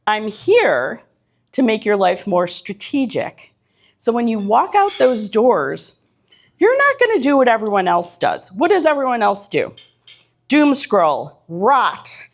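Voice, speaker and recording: A middle-aged woman giving a motivational talk to a live audience in an event room, punchy and direct, stacking short repeated phrases. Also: fairly high pitch. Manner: punchy, direct, repetitive lists. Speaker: keynote speaker.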